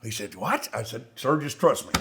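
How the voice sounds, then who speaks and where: This man's voice is medium in pitch and he talks at a normal speed. A middle-aged Marine veteran co-hosting a podcast, he tells war stories in relaxed chat, animated and profane, raising his voice to act out the dialogue.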